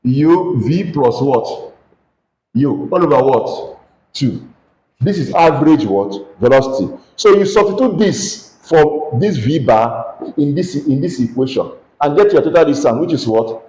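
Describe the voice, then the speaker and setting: Nigerian guy teaching physics, keeps asking the class "what?", lively up and down voice, echoey room. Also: fairly high pitch, a little slow. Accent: Nigerian English. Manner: questioning, coaxing students to answer aloud. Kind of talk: classroom lesson with call-and-response questions.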